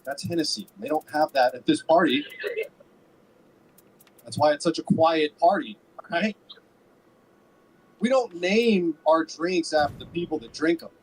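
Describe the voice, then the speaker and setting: A man doing a stand-up set and then chatting as a guest, with brisk, deadpan joke delivery. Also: fairly high pitch, slight background noise, low-quality recording. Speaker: stand-up comedian.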